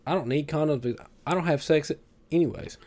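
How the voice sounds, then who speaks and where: A man's voice: on the high side, brisk, creaky, darkish tone. Wry, self-mocking man in casual banter. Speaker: podcast co-host. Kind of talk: casual chat.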